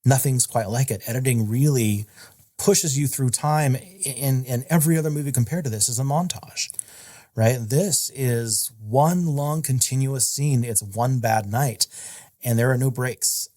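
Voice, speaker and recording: A man's voice: mid-range voice, a little slow, warm tone. A man co-hosting a horror film podcast. He reads background facts, then riffs casually with lots of filler words. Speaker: podcast co-host. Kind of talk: casual chat.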